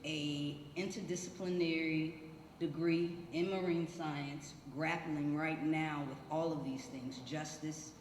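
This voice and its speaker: A woman's voice: low voice, steady tone, slow, a little hiss or hum. Woman, scientist panelist, chatty and proud, echoey hall, faint ambience. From Atlanta, USA. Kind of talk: panel self-introduction. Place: church hall.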